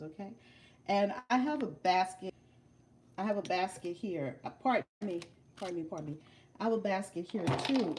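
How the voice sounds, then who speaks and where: A woman's voice: fairly low pitch, slight background noise. Emphatic woman in an echoey room. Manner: animated, emphatic, repeats phrases. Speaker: spiritual vlogger. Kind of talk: casual livestream storytelling. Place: home room with altar and shelves. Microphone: phone camera.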